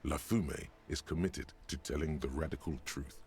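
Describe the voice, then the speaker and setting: Very deep, gravelly game narrator. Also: male voice, normal speed, darkish tone, a little hiss or hum. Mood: wry. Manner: dry, sardonic delivery. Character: wry, deadpan male narrator of a detective game.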